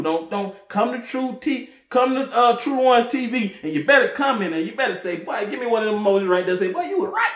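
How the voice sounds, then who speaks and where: A man giving brash, boastful fan commentary to the camera, laughing and shouting when he gets excited. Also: high-pitched, roomy sound. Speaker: sports fan vlogger.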